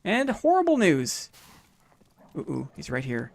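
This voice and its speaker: Streaming a game, a young man with a small-town Canadian accent chats casually, thanks his viewers, and throws in playful sound effects. He speaks at a measured pace in a high, creaky voice whose pitch swoops wildly.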